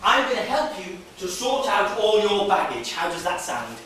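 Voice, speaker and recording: A high, showy game show host. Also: male voice, very animated, normal speed, fairly bright tone, a little hiss or hum. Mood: gushing. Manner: showy, bossy, speaks down to the contestant. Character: brash male game show host Bob, pushy and patronizing. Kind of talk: improvised stage play. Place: theatre stage. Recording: echoey theatre from far off, faint music.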